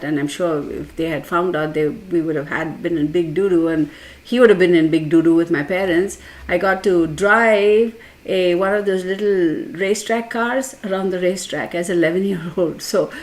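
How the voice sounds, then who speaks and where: A woman hosting a tarot live stream, chatting casually, rambling through a story and reading out viewer comments. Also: on the low side. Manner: laughs as she tells a personal story.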